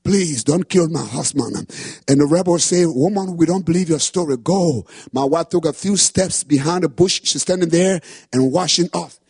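A man preaching a sermon testimony with impassioned delivery that rises to shouts. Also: on the high side, moderate pace, gravelly, slightly rough, dry recording, clean studio sound. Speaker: pastor.

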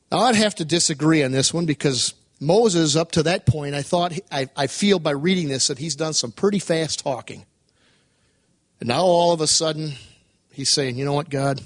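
A male preacher delivers an emphatic sermon in a high, light voice, firing off rhetorical questions. The sound is close and dry, with almost no room echo. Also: expressive, moderate pace.

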